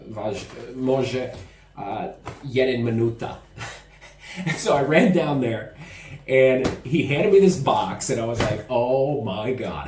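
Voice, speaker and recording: A man's voice: mid-range voice, a little mellow. A man from the United States talks animatedly in a casual home vlog and laughs easily as he tells stories. His voice sounds roomy and echoey. He is a little distant from the camera mic. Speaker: vlogger. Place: indoor room at home.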